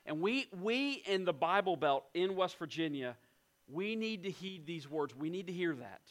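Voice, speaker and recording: A high-voiced man preaching a sermon as a pastor. He is emphatic and earnest, slowing right down and sinking to a near hush to let weighty lines land. His delivery is deliberate and built around repeated phrases. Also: animated. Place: church in West Virginia.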